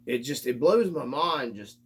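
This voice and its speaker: A man's voice: mid-range voice, expressive, measured pace, slightly rough. A man hosting his own hobby vlog, ranting in an exasperated, casual way and swearing freely. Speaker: RC hobby channel host.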